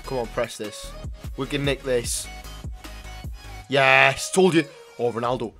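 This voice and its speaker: A young man commentating his own football video game, swinging between excited shouts and low mutters, swearing freely. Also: takes it slowly, creaky, soft background music. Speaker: gaming YouTuber. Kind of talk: live gameplay commentary.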